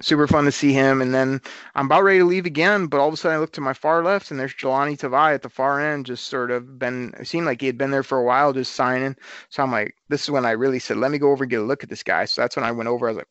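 A man co-hosting a podcast, telling a story in a casual, animated way and acting out the quotes. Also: medium pitch, no echo, muffled recording. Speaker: podcast co-host.

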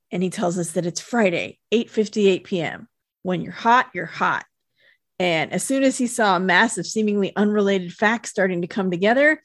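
Relaxed woman co-hosting a podcast. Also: mid-range voice, dry recording, studio quality. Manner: relaxed conversational, frequent backchannel agreement. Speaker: podcast co-host. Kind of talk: casual episode recap chat.

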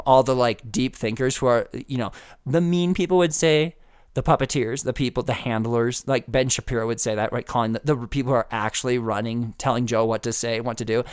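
A male podcast host thinking out loud in a loose, meandering monologue, circling back with restarts and "like" and slipping in wry chuckles. His voice sits in an ordinary middle pitch. The sound is dry and close, with no room echo. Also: brisk, smooth. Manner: rambling, frequent restarts and "like"; wry, laughing asides. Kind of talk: casual solo commentary.

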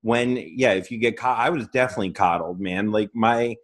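A man's voice: fairly low pitch, brisk. A man hosting a casual comedic podcast chat, joking, laughing often and acting out quoted voices. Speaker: podcast host.

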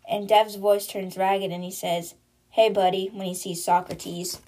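A woman's voice: medium pitch, flat delivery, measured pace, mellow. A woman hosting a book podcast, retelling the chapters casually in her own words and chatty manner. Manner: chatty, "she's like" storytelling.

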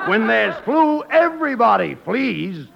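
A brisk, scolding straight man with a gravelly edge, pitched high and lively. He sounds exasperated as he sets up the jokes. The old broadcast is dull with clear hiss behind him. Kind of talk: 1940s radio comedy.

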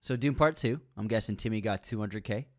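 A man co-hosting a casual chat in a playful, joking way, tossing out quick short replies. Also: on the low side, no echo, clean studio sound. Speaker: podcast co-host.

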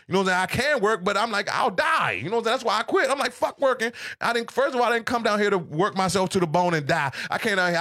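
A man, a comedian, telling stories in casual podcast chat, animated and profane. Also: high-pitched. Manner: animated, profane, storytelling rants.

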